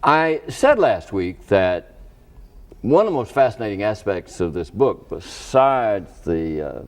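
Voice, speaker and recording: Low-voiced, deliberate TV interview host. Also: male voice, big pitch swings, a little mellow. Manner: deliberate, hesitant with many uh and um. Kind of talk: measured TV interview.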